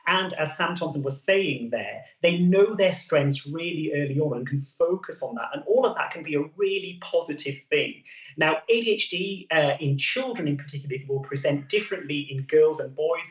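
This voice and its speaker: Male TV doctor, brisk advice-giving delivery, somewhat high voice, heard from a distance in a roomy studio. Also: animated, muffled recording. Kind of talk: explaining health advice on a morning show.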